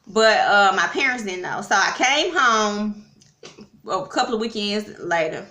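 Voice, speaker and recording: A woman tells a personal story in a chatty, casual way and talks straight to her viewers. Her voice is bright and clear, and the room around her is noticeably echoey. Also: mid-range voice, animated, unhurried. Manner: chatty, addresses viewers, frequent fillers. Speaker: vlogger. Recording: roomy echo.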